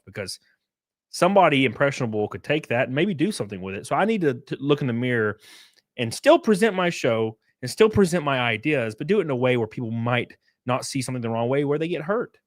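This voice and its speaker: A young male streamer with a very lively, up-and-down delivery, talking in a loose, rambling way and swearing often. His mid-range voice sounds dry and close to the mic. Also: medium pitch, quick pace, dry recording. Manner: rambling and profane. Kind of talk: livestream commentary.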